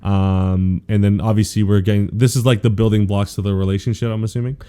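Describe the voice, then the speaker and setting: A man co-hosting a casual podcast, rambling through an animated, slangy retelling of recent episodes. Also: fairly low pitch, a little fast, clear, resonant tone. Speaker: podcast co-host. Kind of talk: casual anime recap chat.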